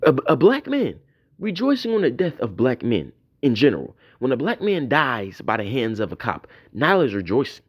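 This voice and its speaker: A man's voice: mid-range voice, wildly swooping pitch, moderate pace, dull audio. A man delivering a profane, mocking tirade in a commentary video. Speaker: YouTube commentator.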